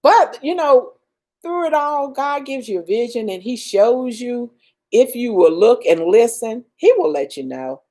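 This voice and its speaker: An older woman chats slowly on a home livestream, drawing out her words with a mellow, dark tone. She laughs often and sprinkles in praise and blessings as she answers viewers. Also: a little high, lively intonation. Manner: slow, drawn-out and warmly religious, laughing often. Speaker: livestream host reading viewer comments. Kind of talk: casual livestream chat.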